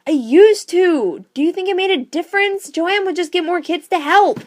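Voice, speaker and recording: A woman's voice: a little high, animated, moderate pace. A woman reading the lines of a bullied young girl in her own voice, earnest and frustrated. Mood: upset.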